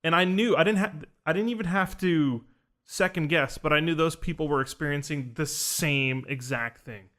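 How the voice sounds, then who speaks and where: A young man tells a story in casual conversation, his voice pitched somewhat high. He is earnest and rambling, with plenty of fillers and false starts. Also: normal speed, fairly bright tone. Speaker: podcast host recounting a ceremony.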